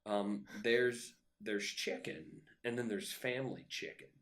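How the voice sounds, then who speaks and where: A man's voice: fairly low pitch, unhurried. A man co-hosting a casual podcast chat, incredulous and joking. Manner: incredulous, animated, jokey put-on voices. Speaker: podcast co-host.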